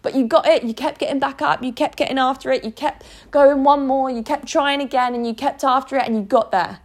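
A woman's voice: high voice, fairly even intonation, fairly quick, voice pushed up. A woman voicing the proud, encouraging best version of a person. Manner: bright, encouraging, praising. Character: upbeat proud higher self of a person.

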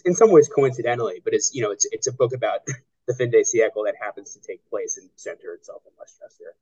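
Halting man with many restarts. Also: lowish voice, mellow, slightly rough, lo-fi sound. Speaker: novelist being interviewed. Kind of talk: conversational interview.

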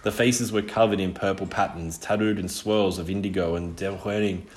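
A man narrating an audiobook in a measured, dramatic way. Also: deep voice, fairly even intonation, darkish tone. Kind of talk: audiobook reading. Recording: roomy echo.

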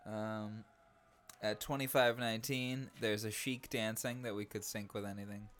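A man's voice: fairly low pitch, fairly even intonation, normal speed, a bit bright, slight background noise. A man co-hosting a podcast in casual chat, rambling and breaking into laughter, with the hiccups. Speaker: podcast co-host.

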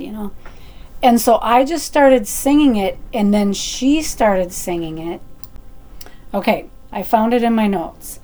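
A middle-aged woman telling a personal story in a chatty, animated way, with fillers and restarts. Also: a little high, a little slow.

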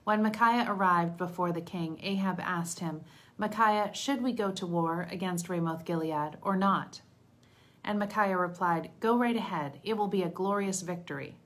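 A woman reads scripture aloud in a lowish voice, steady and measured. She gives the quoted speech a light touch without really acting it out. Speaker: Bible reader.

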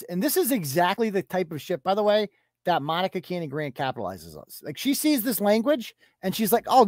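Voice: medium pitch, no echo, studio quality. A podcast host delivering a profane, mocking rant as commentary. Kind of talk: ranting commentary.

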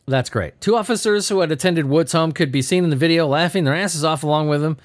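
A man's voice: a little high, animated, a little fast. A man hosting a podcast, reading odd news stories in a giddy, sleepy, laughing way and swearing freely. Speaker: podcast host. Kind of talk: casual comedic news commentary.

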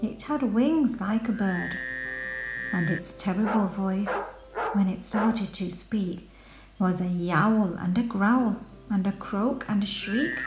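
A woman reading a rhyming picture book aloud with a slow, rhythmic delivery. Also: mid-range voice, a little mellow, reverberant, low-quality recording. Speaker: storyteller.

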